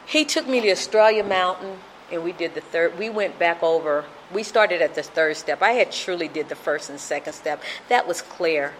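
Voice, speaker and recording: A woman's voice: lowish voice, normal speed, few pauses, slight background noise. A middle-aged woman telling her recovery story at a meeting, emotional and repetitive in her storytelling.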